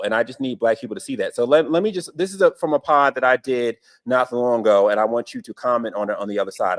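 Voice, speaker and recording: A man hosting a podcast in casual commentary, emphatic and repeating his phrases. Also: medium pitch. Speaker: podcast host.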